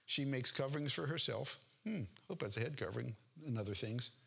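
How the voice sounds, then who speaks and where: An older male pastor with a bright, forward, mid-range voice that has a husky, slightly rough edge delivers a folksy sermon, animated and fairly quick. He moves between reading scripture and tossing in joking, homespun asides.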